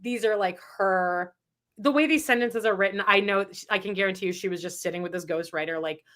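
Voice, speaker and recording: A woman co-hosting a podcast, retelling reality TV gossip in a rambling, animated way. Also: mid-range voice, brisk. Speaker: podcast co-host. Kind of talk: casual gossip chat.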